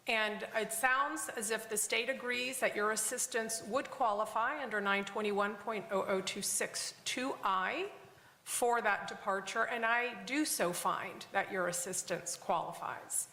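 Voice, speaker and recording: Measured female judge in echoey courtroom. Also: medium pitch, pushed and bright. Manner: measured, formal. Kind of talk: formal courtroom sentencing.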